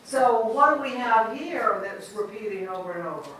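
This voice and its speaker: A woman's voice: on the high side, animated, moderate pace, fairly bright tone. A woman teaching an informal poetry class, chatty and laughing often as she sounds out rhythms. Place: church classroom. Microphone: distant room mic. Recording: echoey room from far off, faint hiss.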